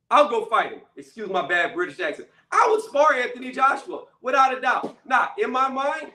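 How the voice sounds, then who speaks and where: A man with a high, bright voice rants casually as a channel host, animated and at a moderate pace. He's blunt and emphatic, repeating "okay" and "right," and the mic sits at a distance in an echoey room.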